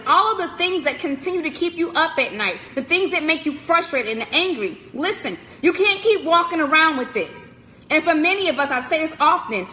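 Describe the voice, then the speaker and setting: A woman's voice: high voice, bright, forceful tone, big-room sound. A woman speaker giving a live-streamed inspirational message, preaching emphatically with repetition and direct address to the listener. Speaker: motivational speaker.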